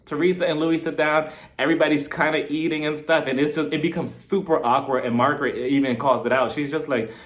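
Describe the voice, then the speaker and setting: A man giving a casual, sassy review of a reality show, animated and laughing often. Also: on the high side, a little fast. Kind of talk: casual vlog commentary.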